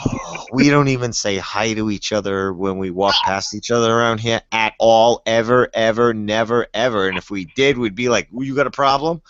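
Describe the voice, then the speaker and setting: A man's voice: on the low side, steady tone, moderate pace, hardly any pauses, a bit bright, clean tone, no room sound, muffled recording. A man from New England with a New England accent, making wry joking asides in a casual chat on a group call. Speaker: panelist.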